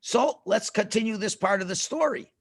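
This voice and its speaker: Animated man telling a story to children. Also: high-pitched, normal speed, breathy edge, no echo. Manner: dramatic, asks the kids questions. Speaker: rabbi teaching children.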